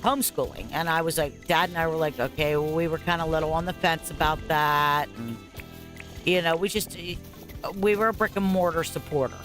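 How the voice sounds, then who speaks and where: A woman's voice: low-pitched, fairly quick, a bit bright, faint music behind. A woman in her forties tells a long personal story in a casual, rambling way, full of fillers and asides. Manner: rambling, candid, frequent fillers and 'blah, blah, blah'. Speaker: parent telling her story. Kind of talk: casual spoken story over gameplay.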